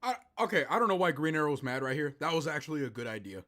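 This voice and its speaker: High, excitable man reacting. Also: quick pace, soft background music. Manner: excitable, laughing often. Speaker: reaction streamer. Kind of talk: casual reaction commentary.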